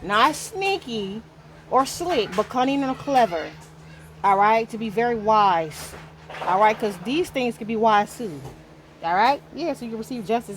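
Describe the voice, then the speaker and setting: A woman's voice: fairly high pitch, a little hiss or hum. A woman giving a casual spiritual tarot reading, talking straight to the viewer in an emphatic, slangy and profane way. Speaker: tarot reader.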